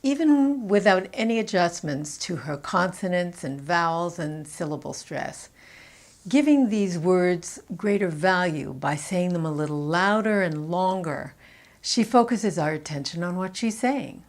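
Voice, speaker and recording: Gravelly Canadian woman coaching pronunciation. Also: on the low side, animated, measured pace, a little mellow. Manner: clear, explanatory, stresses key words. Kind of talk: English pronunciation lesson.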